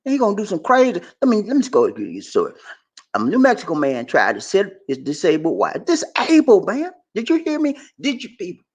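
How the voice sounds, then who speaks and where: Lively, preachy male commentary host. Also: sits high, fairly quick. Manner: preachy, playful, repeats himself, asks the audience questions. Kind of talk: animated commentary on a news story.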